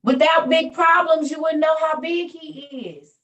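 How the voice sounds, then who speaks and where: Woman, high-pitched, fervent preaching, repeats phrases, roomy echo, far from mic. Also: steady tone, unhurried, a bit bright, dull audio. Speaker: meeting leader. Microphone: video call.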